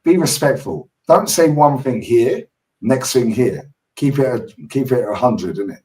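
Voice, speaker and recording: Slangy London streamer, heard from afar. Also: male voice, mid-range voice, measured pace, far from the mic, rough recording. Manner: animated, swearing, storytelling slang. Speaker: football streamer host. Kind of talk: casual chat.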